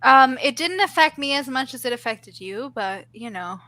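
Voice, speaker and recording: Woman stream host, high bright voice, animated and sweary, dry close sound. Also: moderate pace, dry recording, rough recording. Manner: animated, swears freely, laughs often. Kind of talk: casual chat.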